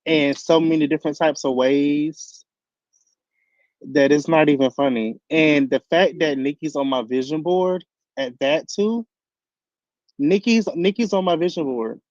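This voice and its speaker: A man with a slightly high voice co-hosts a casual chat and speaks candidly and emphatically. His recording sounds dry and a little muffled, like a lo-fi mic. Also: unhurried, darkish tone, dry recording.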